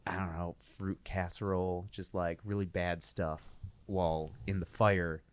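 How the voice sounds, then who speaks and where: Deep-voiced man spinning a loose tale. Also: level tone, measured pace. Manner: easygoing, filler-heavy, chuckling. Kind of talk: improvised storytelling on a podcast.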